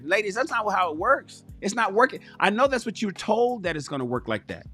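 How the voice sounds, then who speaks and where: An animated male livestream host whose voice sits fairly high, emphatic and profane as he lectures his viewers directly. Faint music runs underneath. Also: fast talker, hardly any pauses. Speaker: livestream talk show host. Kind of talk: casual livestream commentary.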